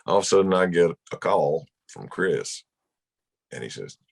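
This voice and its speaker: A man's voice: deep voice, big pitch swings, moderate pace, creaky. A man from Mississippi, telling a rambling, folksy road story in a casual chat. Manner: folksy, rambling anecdote with laughs. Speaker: guest musician.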